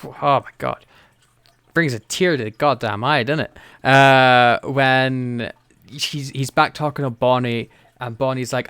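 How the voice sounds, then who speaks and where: A man's voice: mid-range voice, steady tone, a little slow, a bit bright, clean tone, no echo. A man co-hosting a casual podcast discussion, enthusiastic and emotional, laughing often. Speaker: podcast co-host.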